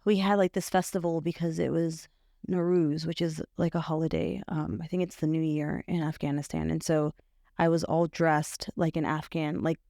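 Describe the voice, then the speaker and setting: Young woman, podcast guest; low, gravelly voice; halting, filler-heavy personal storytelling. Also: flat delivery, mellow, no echo, clean studio sound. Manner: halting, full of fillers and restarts. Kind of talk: personal testimony in conversation.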